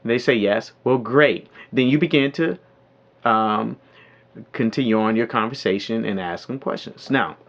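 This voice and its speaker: A man giving a spoken training lesson on calling sales leads, pausing often with ums and restarts, sometimes acting out phone calls. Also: mid-range voice, creaky. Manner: hesitant with many ums, then lively role-play of phone calls. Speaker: network marketing trainer. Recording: dull lo-fi audio.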